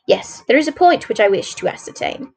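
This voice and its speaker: A woman voicing a sharp, dryly amused male detective in a storybook read-aloud, speaking in a crisp, measured way. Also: fairly high pitch, very animated, heavily acted, poor audio. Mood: brisk.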